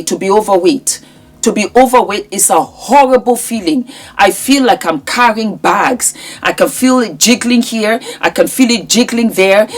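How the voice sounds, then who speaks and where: A woman in her fifties talking straight to her viewers in a vlog, emphatic and fond of repeating her phrases for effect. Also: mid-range voice. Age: 50s. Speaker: lifestyle YouTuber. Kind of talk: direct-to-camera vlog chat.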